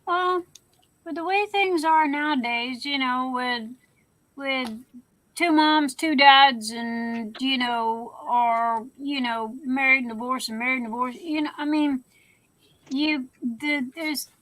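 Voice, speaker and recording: A woman with a high, bright voice chats on a livestream. She talks in a folksy, teasing way and hands out blunt tough-love advice. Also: takes it slowly, dry recording, low-quality recording. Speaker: livestream host. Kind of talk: casual livestream chat.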